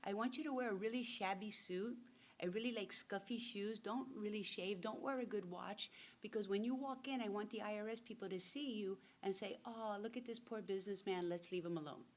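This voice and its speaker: A woman voicing a calm male accountant who reassures his client in a joke. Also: mid-range voice, fairly quick, close to an everyday voice. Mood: reassuring.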